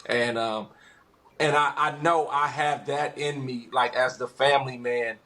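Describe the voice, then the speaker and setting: A man's voice: medium pitch, measured pace. A man from West Los Angeles, a podcast guest, telling stories casually and acting out what people said. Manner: animated storyteller, acts out quotes. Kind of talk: casual conversation.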